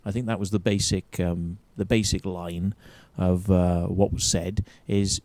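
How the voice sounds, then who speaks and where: A man's voice: fairly low pitch, steady tone, unhurried, few pauses, mellow, dry recording. A man hosting a show, ranting profanely and combatively as he comments on an interview clip. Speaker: show host.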